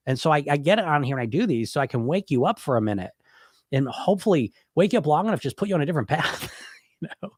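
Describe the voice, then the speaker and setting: A man's voice: on the high side, dry recording, clean studio sound. A middle-aged man with a stuffy head cold, hosting a casual podcast, talking bluntly and rambling with many fillers. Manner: blunt, rambling, lots of "you know" fillers. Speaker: podcast host and hypnotist weight coach. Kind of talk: casual live-stream talk answering questions.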